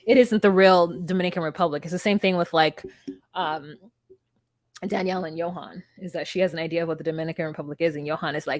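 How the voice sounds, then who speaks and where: A woman's voice: low-pitched, fairly even intonation, fast, dry recording, studio quality. A young woman co-hosting a podcast, recapping reality TV bluntly and swearing freely. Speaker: podcast co-host. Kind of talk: casual reality TV recap chat.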